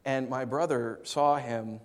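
A male preacher giving a sermon in a hall with a long echo that hangs after each phrase. His voice sits at an average pitch, and he moves between quiet, low asides and loud, emphatic preaching. In the story passages he talks casually and uses fillers. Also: steady tone, slow. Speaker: pastor.

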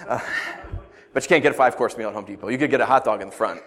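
A man's voice: mid-range voice, racing, fairly bright tone. A middle-aged man preaching a sermon, reading scripture and then explaining it in a loose, conversational way with asides and jokes. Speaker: pastor.

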